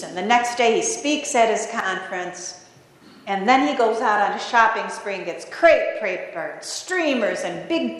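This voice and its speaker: A woman preaching, telling a story in an expressive, dramatic way in a large echoey hall. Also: fairly high pitch. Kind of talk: storytelling sermon.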